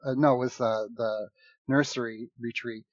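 A man's voice: medium pitch, moderate pace, no room sound. Man on a dry, dull line. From United States. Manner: animated, laughs often, restarts sentences. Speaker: improv performer and guest. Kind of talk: casual conversation.

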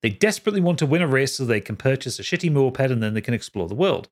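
A man hosting a podcast, chatting casually, laughing often and reading listener messages in an animated way. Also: very fast. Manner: lively, laughs often, jumps high when reading quotes. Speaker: podcast host.

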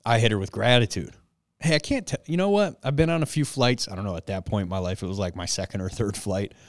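A man casually telling an animated, self-mocking story and laughing along the way. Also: fairly low pitch, quick pace, dry recording, studio quality.

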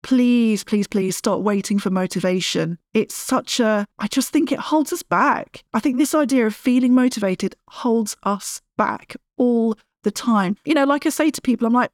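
A woman's voice: a little high, moderate pace, hardly any pauses, darkish tone, no echo, studio quality. A middle-aged woman hosting a podcast, talking straight to listeners as a tough-love fitness coach in a direct, emphatic way. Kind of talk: solo podcast monologue.

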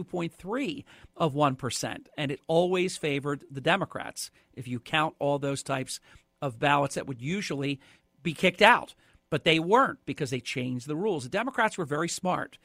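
Bright-voiced, emphatic talk radio host man. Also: a little high, creaky, no room sound. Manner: emphatic, opinionated, speaks straight to callers. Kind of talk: talk radio commentary with callers.

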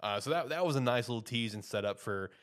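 A man's voice: medium pitch, expressive, fast. A man hosting a podcast, giving a casual, rambling episode recap full of fillers like "you know" and "like.". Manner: rambling, filler-heavy, loose and chatty. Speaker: podcast host.

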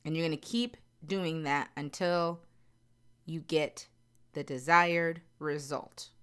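A woman's voice: deep voice, takes it slowly, a bit bright, smooth. A middle-aged woman speaking candidly and earnestly to her viewers, repeating phrases for emphasis. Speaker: vlogger. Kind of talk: candid personal talk to viewers.

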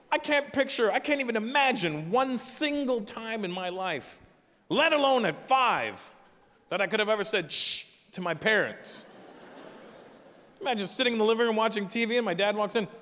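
A middle-aged man doing stand-up comedy on a live stage, talking with the audience in an animated, profane, chatty way. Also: sits high, normal speed. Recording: live hall with long reverb, faint ambience.

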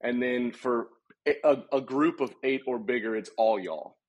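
A man's voice: medium pitch, moderate pace, poor audio. Chatty Texan man. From Texas. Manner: chatty, storytelling, with restarts. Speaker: podcast guest. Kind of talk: casual chat.

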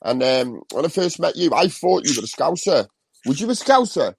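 A gravelly man with a Liverpool accent rambles on a casual live stream, swearing freely and talking over others. His voice sits a little high and the sound is dry, with no room around it. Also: very animated, moderate pace, dry recording.

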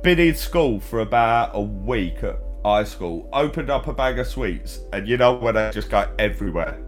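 A man's voice: lowish voice, expressive, faint music behind. A man co-hosting a podcast in casual chat, telling stories against himself with a laugh. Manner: self-mocking storyteller, slow and laughing. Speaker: podcast co-host.

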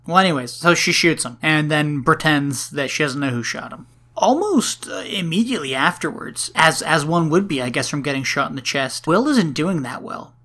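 Bright-voiced podcast co-host recapping a movie. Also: medium pitch, expressive, moderate pace. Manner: rambling, profane retelling with frequent laughs.

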